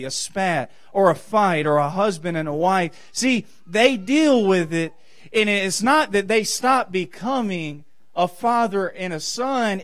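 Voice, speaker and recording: A man preaching a sermon in church, building emphasis and then dropping to quiet, earnest asides. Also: high voice. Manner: preaching with rising and falling emphasis.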